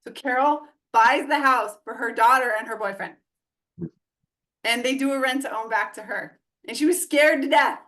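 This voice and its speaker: Guesting on an interview podcast, a real estate investor and coach in her forties tells a lively, casual story, performing the quoted lines herself. She speaks at a moderate pace with a fairly high pitch.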